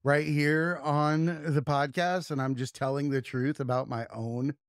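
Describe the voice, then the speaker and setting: A man's voice: mid-range voice, level tone, measured pace, smooth, dry recording, studio quality. A young man hosting a podcast in casual chat, loose and jokey, often slipping into silly voices. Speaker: podcast host.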